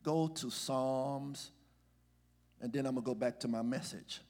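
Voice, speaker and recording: A man's voice: mid-range voice, unhurried, a little mellow. A man, a senior pastor, preaching a sermon and reading scripture, having the congregation repeat words after him. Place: church sanctuary. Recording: reverberant church hall with music behind.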